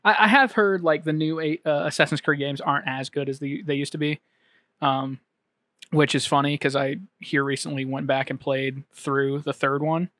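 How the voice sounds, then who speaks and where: A man co-hosting a podcast, talking casually at a studio microphone with halting restarts and lots of ums. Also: on the high side, fairly even intonation, bright, forceful tone, dry recording. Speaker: podcast co-host. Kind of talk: casual chat.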